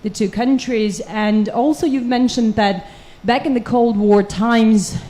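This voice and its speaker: A woman's voice: on the high side, steady tone, unhurried, warm tone. A woman journalist asking a long, multi-part question at a press conference.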